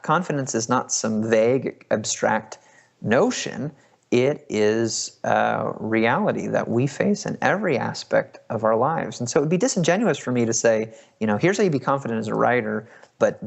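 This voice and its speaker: A man's voice: medium pitch, gravelly. A man in his thirties, a podcast host, telling a personal story in a conversational way with many fillers and restarts.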